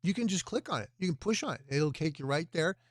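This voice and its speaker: A man's voice: fairly high pitch, lively intonation, fast talker, no room sound, studio quality. A man hosting a charity livestream, talking in a rambling, earnest way as he urges viewers to donate. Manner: rambling, earnest, talks with his hands. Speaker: fundraiser livestream host. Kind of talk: casual livestream appeal.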